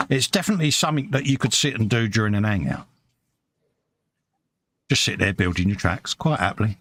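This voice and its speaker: A man's voice: medium pitch, very animated, brisk, a bit bright. A British man co-hosting a casual live stream from his hobby workbench, chatting and reading viewer comments aloud, calling everyone mate. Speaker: live show co-host.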